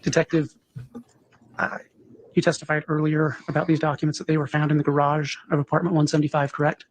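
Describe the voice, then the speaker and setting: A prosecutor questioning a witness in court in a formal, procedural manner. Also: male voice, fairly high pitch, monotone, fast, a little hiss or hum.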